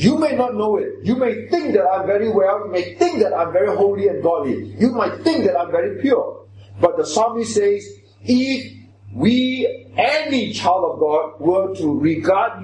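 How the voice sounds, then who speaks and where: A man's voice: high-pitched, a little mellow, slight background noise. A man preaching a sermon, emphatic, questioning the congregation directly. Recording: echoey hall with faint ambience.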